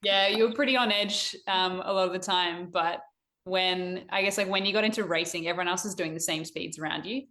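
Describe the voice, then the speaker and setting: A woman's voice: fairly low pitch, steady tone, brisk, sharp tone. A young woman, a guest on a podcast, plainly explaining technical sailing details. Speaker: guest, elite sailor. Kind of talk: casual interview chat.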